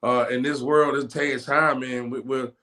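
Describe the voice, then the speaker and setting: A man's voice: mid-range voice, flat delivery, a little slow, bright, forceful tone. A man hosting an interview, laid-back and rambling with slang. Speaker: host. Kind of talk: casual interview chat.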